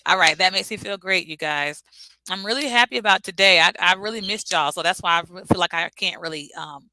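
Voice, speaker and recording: A woman's voice: on the low side, brisk, sharp tone, dry recording, rough recording. A woman hosting a casual live stream, chatting directly with her viewers and calling them y'all.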